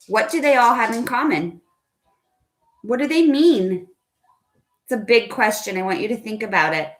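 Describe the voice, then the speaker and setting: A woman's voice: mid-range voice, animated, a little slow, pauses often, fairly bright tone. A woman teaching a phonics lesson to children over a video call, patient and coaxing, asking her students questions. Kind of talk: online phonics lesson for kids.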